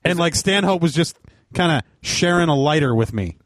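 A man's voice: on the high side, animated, normal speed, no echo. A man co-hosting a podcast in casual chat, blunt and skeptical, swearing freely. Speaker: podcast co-host.

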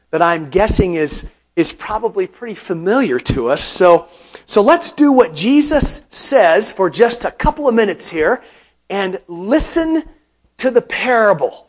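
A male pastor preaching a sermon, unhurried and emphatic, pausing often and repeating words for stress. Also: high voice.

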